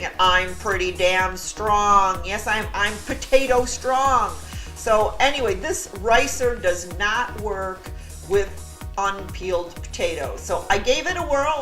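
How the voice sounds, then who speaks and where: A woman's voice: on the high side, a bit bright. Chatty, joking woman cooking on camera. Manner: chatty, joking, self-deprecating. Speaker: vlog host. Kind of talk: casual cooking vlog.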